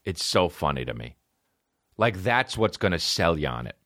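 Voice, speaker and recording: A man's voice: deep voice, very animated, moderate pace, a bit bright, dry recording, clean studio sound. A young man co-hosting a casual comedy podcast, reading personal ads aloud and mocking them in a crude, incredulous way. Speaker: podcast co-host.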